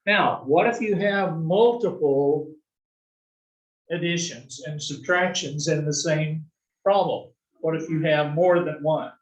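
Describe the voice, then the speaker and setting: Slow-talking male math instructor in echoey room. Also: on the high side, distant mic. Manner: slow, explanatory, asks and answers own questions. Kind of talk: recorded classroom lecture.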